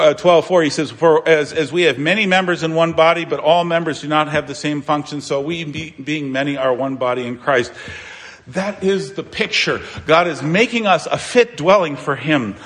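A man's voice: mid-range voice, fairly bright tone. A man preaching a sermon as pastor, emphatic, asking rhetorical questions and repeating phrases.

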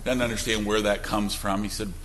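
A male pastor preaching a sermon, swinging between emphatic outbursts and quiet, low asides. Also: flat delivery, brisk, slight background noise. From Wisconsin. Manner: emphatic preaching with sudden loud and soft swings.

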